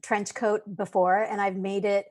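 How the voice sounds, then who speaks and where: A woman's voice: medium pitch, little pitch movement, normal speed, a little mellow, no room sound, studio quality. A woman co-hosting a soap recap show, chatting enthusiastically in a fashion segment. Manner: chatty, enthusiastic about clothes. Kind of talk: casual chat.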